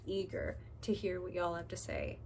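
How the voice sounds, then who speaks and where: A woman's voice: on the low side, wildly swooping pitch, normal speed, creaky, darkish tone, a little hiss or hum. A woman giving a casual tarot reading to camera, chatty and candid, swearing freely and acting out people's inner thoughts. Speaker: tarot reader.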